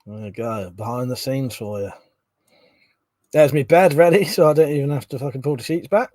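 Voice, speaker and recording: A man's voice: medium pitch, normal speed, darkish tone, no room sound. A man, hosting a casual livestream at home, reading chat and swearing freely between chuckles. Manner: swears often, chuckles, mutters asides. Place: bedroom at home.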